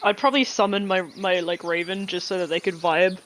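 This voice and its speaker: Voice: medium pitch, brisk, fairly bright tone, a little hiss or hum, poor audio. A tabletop player with an Australian accent, casual and giggly, often trailing off. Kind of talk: tabletop role-play.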